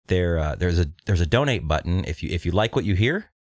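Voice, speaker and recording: Low-voiced man hosting a podcast. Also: fairly quick, no echo, clean studio sound. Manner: relaxed, rambling, filler-heavy. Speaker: podcast host. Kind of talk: casual chat.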